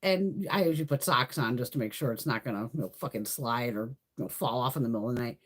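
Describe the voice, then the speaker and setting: A middle-aged woman hosting a beauty livestream, telling stories in a loose, animated way, swearing freely and laughing often. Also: rumbling low, quick pace. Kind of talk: casual chat.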